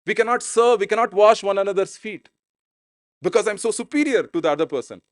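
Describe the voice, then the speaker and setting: A man's voice: high voice, expressive, a little fast, no echo. A man preaching a sermon as pastor in an informal, conversational way. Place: church.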